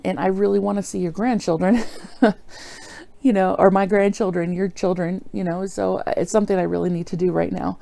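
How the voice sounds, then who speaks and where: A woman's voice: lowish voice, creaky, dark tone. A middle-aged woman talking earnestly and apologetically in a rambling personal video diary, full of fillers. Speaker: vlogger.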